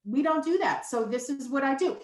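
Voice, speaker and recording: A woman's voice: sits high, expressive, a little fast, a little mellow. A woman in her fifties, a nutritionist guest, talking candidly and emphatically in a casual interview. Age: 50s. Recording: roomy echo.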